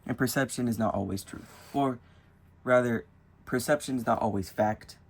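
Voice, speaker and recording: A young spiritual vlogger muses aloud in a casual, rambling monologue about spirituality while drawing with colored pencils. His voice is husky and medium-pitched, at a normal speed.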